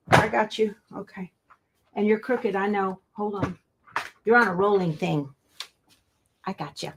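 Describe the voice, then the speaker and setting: Sorting through her craft room, the quilting show host keeps up a casual chat with her audience and herself in a steady, mid-range voice. She's unhurried, pauses often and sometimes sounds winded; her earbud recording picks up a noisy background.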